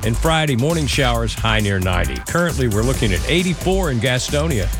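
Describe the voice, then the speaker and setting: A male radio traffic and weather reporter reading briskly over music. His pitch stays mid-range. He rattles off road names and temperatures in a steady broadcast rhythm.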